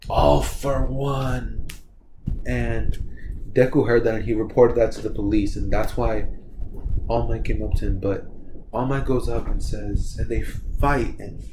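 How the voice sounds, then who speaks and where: A man's voice: mid-range voice, background noise. A man casually telling a story, rambling with many fillers and self-corrections. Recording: echoey room, faint ambience.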